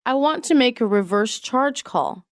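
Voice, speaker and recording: A woman reading isolated English practice sentences for a lesson, in a measured, even way. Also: a little high, no echo, clean studio sound.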